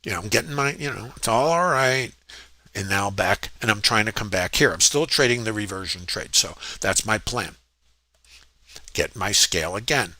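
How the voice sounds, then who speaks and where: A man's voice: medium pitch, pushed and bright, no room sound. A man teaching trading while he walks through his own trades, reflective and full of fillers and restarts as he stresses his points. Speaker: trading educator. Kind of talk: screen-share trading walkthrough.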